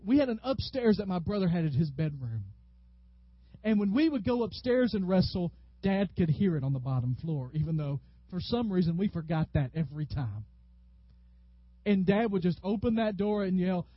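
High-voiced man preaching a sermon. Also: normal speed, no room sound, dull audio. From Tennessee, USA. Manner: animated, storytelling preacher who acts out quotes loudly. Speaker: pastor.

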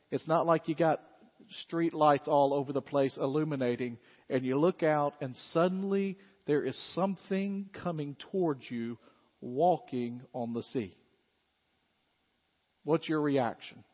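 A man, preaching a sermon in an animated way and acting out scenes. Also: fairly high pitch, unhurried. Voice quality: animated, acts out scenes with shouts. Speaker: pastor. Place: church hall. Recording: muffled sound in a long-reverb hall.

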